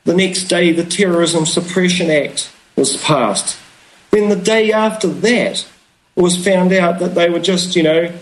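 Rambling New man, slightly high. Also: slight background noise, rough recording. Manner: rambling, philosophical, many fillers. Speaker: guest. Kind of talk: casual conversation.

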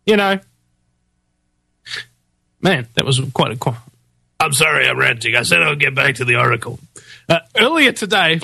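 A man's voice: on the high side, bright, forceful tone, no echo. A man hosting a talk show, ranting in heated, indignant commentary full of rhetorical questions and fillers. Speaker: host of a political talk show.

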